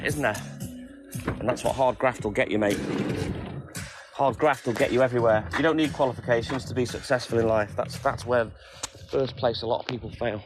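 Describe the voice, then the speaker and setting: A man in his fifties, a milkman chatting casually on a phone live stream and greeting viewers by name. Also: medium pitch. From England. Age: 50s. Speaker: milkman livestreaming. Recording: music playing behind.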